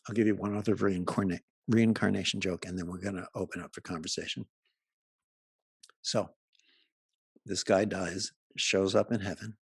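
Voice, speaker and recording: Man, gravelly voice, joking storyteller, dry close sound, live talk. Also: low-pitched, steady tone, moderate pace, pauses often, dry recording. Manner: joking, chatty storyteller who laughs at his own stories. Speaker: speaker presenting to a live audience. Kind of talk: humorous talk with anecdotes and jokes. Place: live event before an audience.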